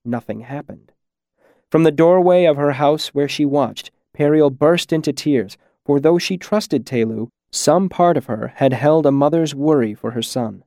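A man reading a fairy tale aloud with measured, steady storytelling. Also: on the high side, no echo, clean studio sound. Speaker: narrator. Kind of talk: storybook narration.

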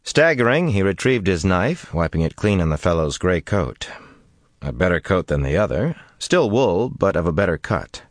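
Deep low guy reading a fantasy audiobook, steady and measured, dry close mic. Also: no echo. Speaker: audiobook narrator. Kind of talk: scripted narration.

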